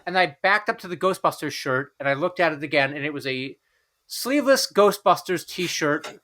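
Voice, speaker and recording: Bright, tense-voiced man telling a rambling story. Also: fairly high pitch, animated, normal speed. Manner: rambling storyteller with many fillers and restarts. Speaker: podcast co-host. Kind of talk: casual chat.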